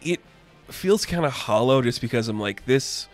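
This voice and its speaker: A man talks through a comic issue in an easygoing, rambling way, full of "like" and "you know" and dry little jokes. His pitch sits squarely in the middle for a man. Soft music plays quietly underneath. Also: animated, moderate pace. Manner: chatty, loose and filler-heavy, with wry asides. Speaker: comic book reviewer. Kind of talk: casual video commentary.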